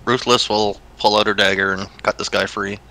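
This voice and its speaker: A man playing a tabletop game who makes loud, wry comments and jokes at the table. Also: on the low side, level tone, moderate pace, vocal fry, low-quality recording. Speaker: player.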